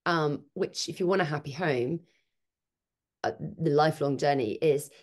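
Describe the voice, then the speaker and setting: A woman with a low, deep voice talks through ideas in a relaxed podcast chat. She is emphatic and animated, thinking aloud as she explains herself. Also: a little slow. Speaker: podcast guest, parenting speaker. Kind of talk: casual conversational interview.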